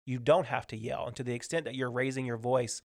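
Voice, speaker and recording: A man's voice: medium pitch, fairly even intonation, fast talker, gravelly, darkish tone, dry recording, studio quality. Reflective man in casual business talk. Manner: reflective, explains at length with examples.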